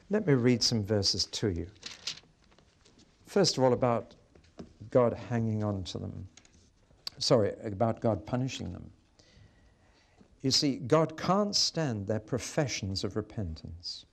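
A man's voice: fairly low pitch, lively intonation, measured pace, gravelly. A man preaching a sermon, reading scripture aloud with strong feeling.

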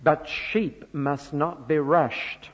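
A man from northern England preaching a sermon, earnest, moving between soft asides and loud emphasis. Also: fairly high pitch, steady tone, drawn-out words, slightly rough. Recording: dull lo-fi recording with long church reverb.

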